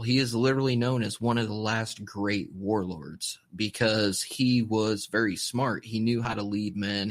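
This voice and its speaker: A man hosting a podcast in casual chat, telling a history story in a rambling, swearing way. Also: on the low side. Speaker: podcast host.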